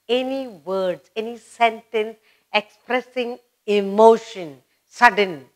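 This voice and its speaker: A woman teaching a grammar lesson to children, speaking patiently and repeating each example sentence. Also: mid-range voice.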